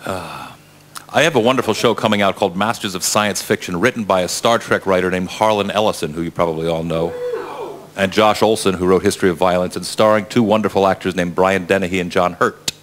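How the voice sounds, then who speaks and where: A man's voice: deep voice, steady tone, a little fast, a bit bright. A middle-aged man who directs, bantering and teasing on a convention press panel. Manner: joking and teasing.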